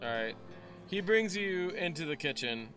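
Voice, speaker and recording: A young man runs a tabletop game with an animated, chatty delivery and many restarts. His voice is bright and swings widely in pitch. Soft background music sits behind him. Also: normal speed. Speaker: game master.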